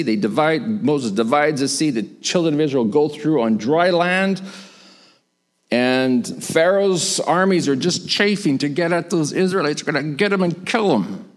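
A man preaching a sermon, retelling a story and acting out the voices of the people in it. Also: a little slow. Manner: animated, acts out quoted voices with big pitch swings.

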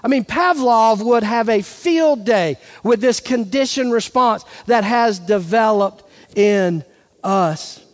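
A man's voice: high-pitched, slow pace. A man pastor delivering a sermon, talking conversationally and asking rhetorical questions. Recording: reverberant hall.

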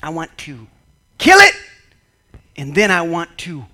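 Sly gloating male devil, high-pitched and taunting, voiced by a male preacher. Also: moderate pace, pushed and bright. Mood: scheming.

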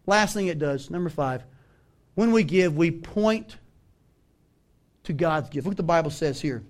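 A man with a Southern US accent preaching a sermon as pastor, animated and emphatic, calling on the congregation to respond. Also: fairly high pitch, measured pace. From American South.

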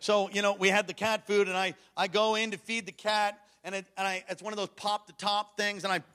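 A preacher with an unusually high, bright, ringing voice delivers a sermon to a church congregation. He builds to shouted, rousing exhortations, then drops into hushed, intimate storytelling, and he calls on the crowd to answer him back. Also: level tone, fairly quick, smooth. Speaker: pastor. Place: church service before a congregation.

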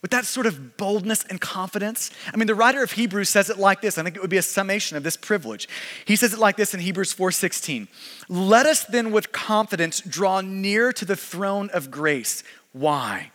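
A man in his thirties preaching a sermon as pastor, animated, swinging from loud emphasis to hushed intensity, in a church sanctuary. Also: sits high. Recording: long reverb of a large hall.

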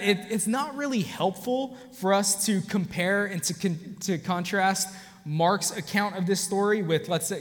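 A man pastor with a high voice delivers a conversational sermon, sharing a personal story and speaking directly to the congregation with many restarts. The sound carries a big-room quality.

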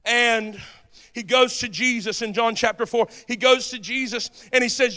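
A male preacher with a strikingly high voice delivers a fervent sermon. He builds to shouts and keeps calling out to the congregation to stay with him. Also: steady tone, normal speed.

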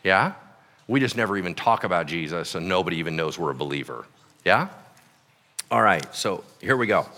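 A man's voice: low voice, fairly quick, long reverb tail. A man preaching a sermon as pastor, acting out quotes in voices. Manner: animated, acts out quotes and voices. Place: church hall.

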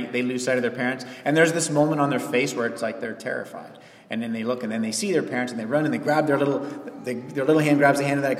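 Conversational male pastor, animated; church hall with a long echo. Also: fairly high pitch. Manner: conversational, animated, with quoted asides. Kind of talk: sermon. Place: church sanctuary.

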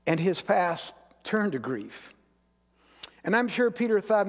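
Male pastor, sermon, earnest storytelling, high-pitched, long sanctuary reverb. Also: big pitch swings, takes it slowly. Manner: earnest, storytelling, dropping to quiet intensity. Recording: long reverb of a large hall.

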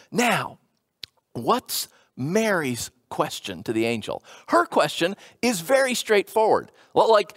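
A male preacher delivers a sermon with a very animated, swooping voice. He retells a scripture story casually and acts out quoted lines. The sound is close and dry. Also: sits high, dry recording. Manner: lively storytelling with acted-out quotes and colloquial paraphrase. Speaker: pastor.

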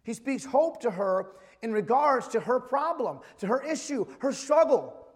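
Man, 30s, pastor, emphatic sermon, high voice, long hall reverb. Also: big pitch swings, measured pace. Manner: emphatic preaching, reads old-style scripture aloud.

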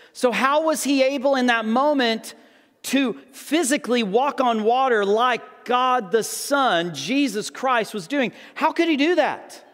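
High-voiced man preaching in a reverberant hall. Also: fairly bright tone. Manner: conversational, acts out the disciples' voices. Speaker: pastor. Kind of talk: sermon.

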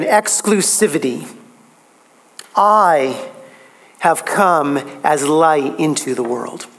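Emphatic male preacher. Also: a bit bright. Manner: emphatic, rising in pitch on key phrases. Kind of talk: sermon.

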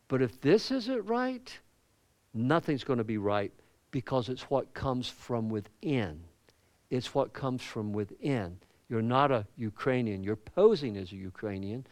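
A man's voice: medium pitch, dry recording. Southern man preaching a sermon. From American South. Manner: conversational preaching with asides and questions to the congregation. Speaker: pastor.

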